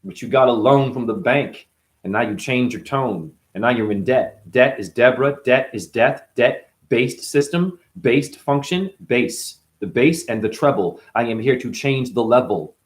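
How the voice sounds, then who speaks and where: A man's voice: mid-range voice, measured pace. Man freestyling rambling wordplay rhymes. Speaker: freestyle rapper. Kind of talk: freestyle rap.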